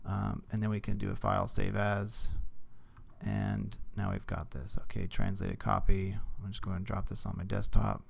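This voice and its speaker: A man teaching a casual screen-recorded software tutorial, talking through each click and checking in with "okay?". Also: sits low, normal speed, vocal fry, husky.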